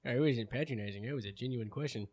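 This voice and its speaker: A man's voice: mid-range voice, quick pace, darkish tone. A man playing a tabletop game, speaking in character with dry, playful joking. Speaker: player. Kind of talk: tabletop role-play banter.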